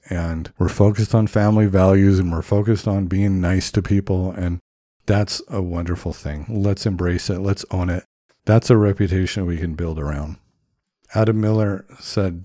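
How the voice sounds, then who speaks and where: A man's voice: deep voice, warm tone, no echo, clean studio sound. A man speaking in an earnest, encouraging way about faith, like a reflective podcast talk.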